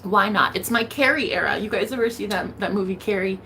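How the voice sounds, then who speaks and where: A woman talking straight to camera in a casual vlog, sassy and playful, dropping to a hush and then getting loud again. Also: mid-range voice, a little fast, slight background noise. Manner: sassy, playful, swings between loud and hushed. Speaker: vlogger.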